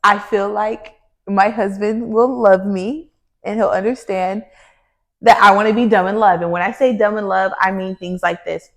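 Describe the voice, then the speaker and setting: Woman, podcast co-host, casual chat, animated, playful, mid-range voice. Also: mid-range voice, moderate pace.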